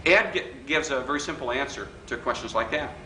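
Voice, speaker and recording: Fairly quick and animated, this medium-pitched man sounds bright and forceful as he runs a political persuasion workshop for a live hotel function room crowd. He jokes, teases, and mimics the people he quotes. Recorded at a distance, the hall echoes and there's faint hiss.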